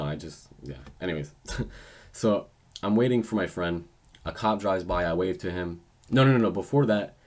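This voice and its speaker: A man's voice: low voice, darkish tone. A young man vlogging, telling a personal story in a casual, rambling way with frequent restarts and self-corrections. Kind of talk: story time vlog.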